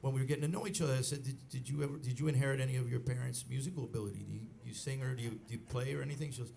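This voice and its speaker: A middle-aged bandleader telling a rambling story on stage at a live club, with many restarts and acted quotes. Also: male voice, mid-range voice, fairly even intonation, rapid-fire, gravelly, mellow. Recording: live club recording with faint crowd noise.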